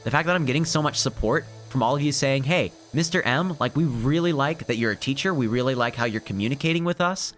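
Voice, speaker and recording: A man's voice: mid-range voice, quick pace, few pauses, fairly bright tone. Earnest young man streaming, faint music. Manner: emotional, earnest, laughing and choking up. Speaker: teacher streaming a game. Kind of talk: casual live-stream chat.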